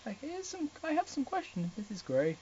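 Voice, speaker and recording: A man's voice: very high voice, huge pitch swings, normal speed, darkish tone, muffled recording, slight background noise, pitched above the performer's own voice, heavily acted. A man voicing a nervous young female student interviewer who stammers and gets flustered.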